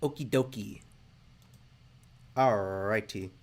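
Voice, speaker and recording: A man's voice: on the low side, slow pace. A man casually commenting on videos in a rambling, hesitant way, laughing often, with music playing behind him. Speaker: reaction video host.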